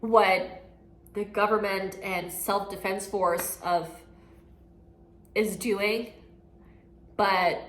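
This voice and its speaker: A woman's voice: mid-range voice, a bit bright. A young woman giving a personal year-recap monologue, candid, outspoken and emotional. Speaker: vlogger. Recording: echoey room with music underneath.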